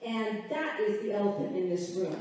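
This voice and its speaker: A woman's voice: medium pitch, expressive, normal speed, a little mellow, slight background noise. A woman giving an impassioned, emotional speech at a public meeting. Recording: echoey hall recorded from far off.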